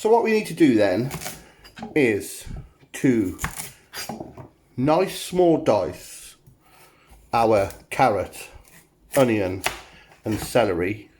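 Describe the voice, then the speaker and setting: A man's voice: lowish voice, big pitch swings, slow pace, pauses often, a little mellow, slight background noise. A man hosting a cooking show, talking the viewer through a recipe in a jokey, self-mocking way. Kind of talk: cooking demonstration.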